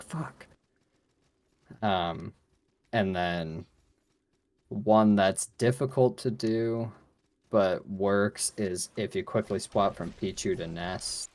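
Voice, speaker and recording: A man with a somewhat low-pitched voice talks his way through a gaming session in loose, easygoing chat. He rambles through his stories, leaning on filler words and dropping swears freely. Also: darkish tone. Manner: rambling, filler-heavy and profane. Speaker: co-host playing a video game.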